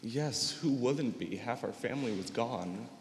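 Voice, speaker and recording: A teenage boy testifying as a witness in a mock trial, giving measured, guarded answers. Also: mid-range voice, expressive. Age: teens. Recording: echoey hall, long reverb, faint hiss.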